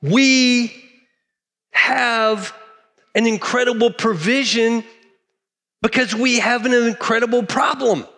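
A man's voice: very high-pitched, slow, long pauses, a bit bright. A middle-aged man from Texas, preaching a sermon emphatically and repeating key phrases. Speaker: pastor.

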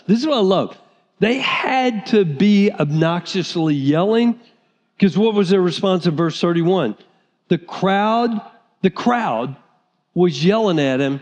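A man preaching a sermon as pastor, animated, sometimes acting out the voices of people in the story. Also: high-pitched, moderate pace. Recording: reverberant hall.

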